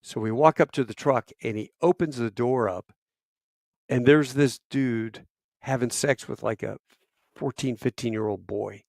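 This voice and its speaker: 50s guy telling salty war stories, lively and crude, dry close mic. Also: mid-range voice, measured pace, creaky, no room sound. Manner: animated, profane storyteller. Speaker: podcast guest, retired Marine officer. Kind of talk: casual war storytelling.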